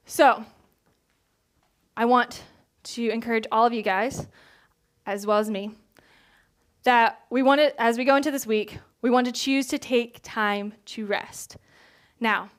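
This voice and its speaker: A woman giving a conversational sermon in a casual, chatty way. She acts out quoted lines in brighter voices. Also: fairly high pitch. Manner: casual, chatty, with many filler words. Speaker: church speaker.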